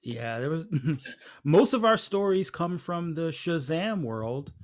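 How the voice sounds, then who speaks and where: A man's voice: a little high, sing-song, slow. A man hosting a podcast, rambling and laughing while running through the news. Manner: rambling, laughing, trying to keep on track. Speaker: podcast host. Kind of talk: casual chat.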